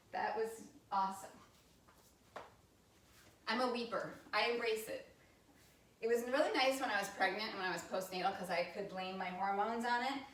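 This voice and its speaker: A woman in her thirties, a yoga instructor, giving gentle movement and breathing cues in a live class with chatty, candid asides. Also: mid-range voice. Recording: roomy sound from a distance from the mic.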